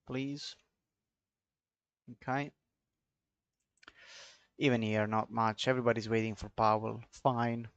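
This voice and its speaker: A man's voice: medium pitch, vocal fry, dry recording. A man with an Italian accent, casually talking through trading charts live and chatting with viewers in a loose, offhand way. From Italy. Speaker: trading streamer.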